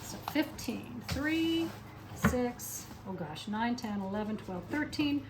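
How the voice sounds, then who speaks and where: A woman with a high voice talks through a recipe in her home kitchen, chatty and quick to poke fun at herself. Dishes and pans clatter clearly behind her as she works. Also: animated, very noisy. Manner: chatty, self-mocking, talks to herself while cooking. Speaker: cooking vlogger. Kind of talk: casual cooking video.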